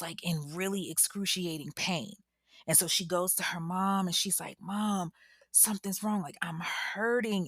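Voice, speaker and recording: Woman storyteller, casual, slangy, animated, lowish voice, dry close mic. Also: no echo. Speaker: true-crime storyteller.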